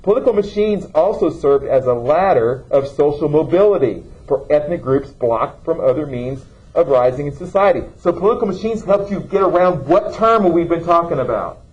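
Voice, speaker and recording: A man's voice: on the high side, lively intonation, moderate pace, few pauses, highs cut off. A man teaching a classroom lesson, asking students questions and checking in with "okay?". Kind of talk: classroom lecture.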